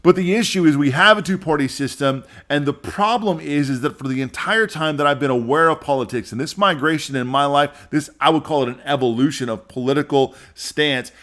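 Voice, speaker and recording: A man's voice: fairly high pitch, a bit bright. A man in his forties hosting a solo podcast, talking earnestly into a microphone, rambling and repeating himself. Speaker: podcast host. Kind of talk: casual solo podcast monologue.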